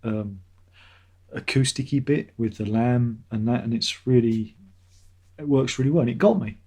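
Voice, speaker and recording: A man's voice: medium pitch, warm tone, husky. A middle-aged man hosting a casual live stream, reading out chat messages and rambling sarcastically, often laughing at his own jokes.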